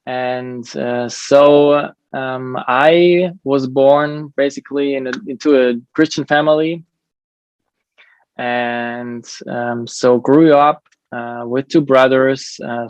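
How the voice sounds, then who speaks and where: A man's voice: mid-range voice, steady tone, slow pace, clear, resonant tone, no room sound, muffled recording. A man from Germany with a German accent, a drummer and drum teacher, talking earnestly as a podcast guest in a drum lesson room. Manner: friendly, earnest, many fillers. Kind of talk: casual interview conversation.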